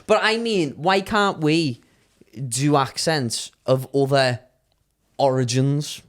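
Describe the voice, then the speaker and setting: A man's voice: fairly high pitch, takes it slowly. A man with a Scouse accent bantering and teasing on a comedy podcast. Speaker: podcast co-host. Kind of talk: casual comedy podcast chat.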